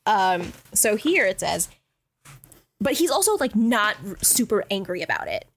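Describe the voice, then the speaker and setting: A woman co-hosting a podcast, chatting casually and reading novel excerpts, animated, exasperated and swearing freely. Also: medium pitch, moderate pace. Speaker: podcast co-host. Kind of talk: casual book-club chat.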